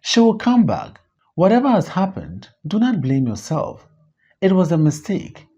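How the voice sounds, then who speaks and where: A reader doing a grown man, a political comrade who speaks encouragingly, in a slow audiobook play reading. The voice rises higher than the reader's own, husky over a dull recording. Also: huge pitch swings, dark tone, full character voice. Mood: reassuring.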